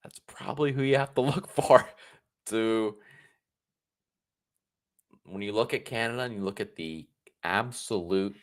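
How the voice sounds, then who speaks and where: Mocking guy on a livestream riffing sarcastically, lowish voice, keeps restarting himself. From United States. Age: 30s. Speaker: political commentary streamer. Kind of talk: casual livestream commentary.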